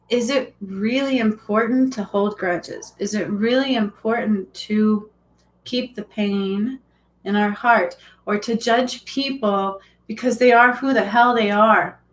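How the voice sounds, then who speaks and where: A woman's voice: mid-range voice, steady tone, slow pace, slight background noise, poor audio. Rambling emotional woman healer. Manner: emotional, rambling, many fillers and restarts. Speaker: spiritual healer. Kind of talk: casual live-stream monologue.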